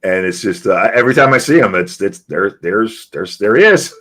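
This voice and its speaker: A man's voice: fairly low pitch, lively intonation, normal speed, a bit bright. A man from New England in casual conversation, rambling and repeating words as he talks. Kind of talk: casual live-stream chat.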